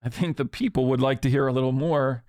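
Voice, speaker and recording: A man co-hosting a podcast in casual chat, joking in a dry, deadpan way. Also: mid-range voice, fast, no echo. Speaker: podcast co-host. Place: podcast studio.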